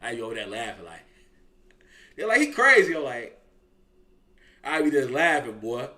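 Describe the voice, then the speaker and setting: Animated slang-heavy man telling stories. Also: mid-range voice, normal speed. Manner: animated, slangy, drawls 'boy' at line ends. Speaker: reaction video host. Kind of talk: casual profane storytelling.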